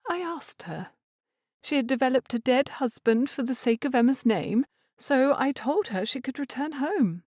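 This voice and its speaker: A woman reading as a proud and stubborn Regency mother, clipped and weary, her voice lifted well above the narration and swinging widely in pitch. It sounds dry and close, with no room around it. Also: lively intonation, normal speed, a little mellow, dry recording. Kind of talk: audiobook character reading.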